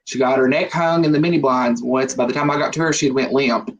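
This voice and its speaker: A man's voice: medium pitch, brisk, lo-fi sound. A man, chatting casually on a live stream and telling joking stories with frequent laughter. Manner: joking storyteller, laughs often.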